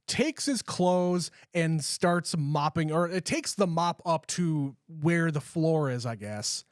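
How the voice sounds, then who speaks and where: A man co-hosting a movie podcast, retelling scenes with animated, casual energy and loose swearing. His voice sits high for a man. The recording is close and dry. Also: slow, no room sound. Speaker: podcast co-host. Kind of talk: casual movie review chat.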